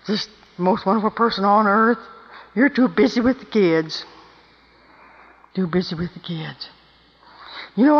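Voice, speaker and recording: An older woman giving a folksy, emphatic storytelling talk to a women's meeting, often checking in with the listeners. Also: mid-range voice. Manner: emphatic, asks the audience "Hmm?". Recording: dull recording in a long-echo hall.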